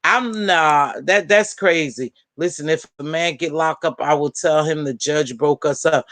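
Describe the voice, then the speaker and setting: A woman hosting a casual live-stream panel, chatting and gossiping in an animated way and calling out friends by name. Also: sits low, a little slow, no room sound. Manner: animated, talks straight to viewers and friends by name. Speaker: panel host.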